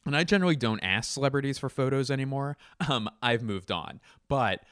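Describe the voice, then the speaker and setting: Rambling comedy podcast man, lively pitch. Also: a little fast, no echo, clean studio sound. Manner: rambling, self-interrupting, swears casually. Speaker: podcast host. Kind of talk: casual comedic monologue.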